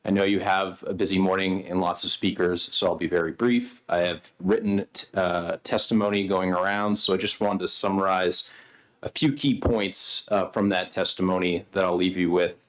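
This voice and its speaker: A man representing a business association, giving polished, measured testimony to a senate committee. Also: sits low, flat delivery, a bit bright. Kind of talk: formal testimony. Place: state senate hearing room.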